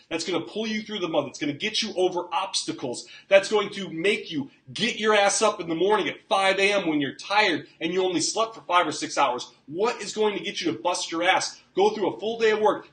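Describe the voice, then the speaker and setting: A man's voice: fairly high pitch, a bit bright, echoey room. A man, a fitness coach, giving an emphatic motivational talk and often checking in with "okay?". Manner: emphatic, repeats "okay?", acts out quotes.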